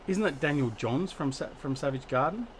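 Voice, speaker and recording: A man's voice: on the high side, lively intonation, moderate pace, slight background noise. Chatty Australian man hosting a livestream. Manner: chatty, greets viewers by name, self-deprecating. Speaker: livestream host. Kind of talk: casual gaming livestream chat.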